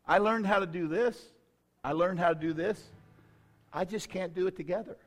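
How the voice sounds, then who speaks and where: A middle-aged male pastor telling a self-deprecating story in a sermon, dropping to quiet asides and rising to shouts. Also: high-pitched, moderate pace. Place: church.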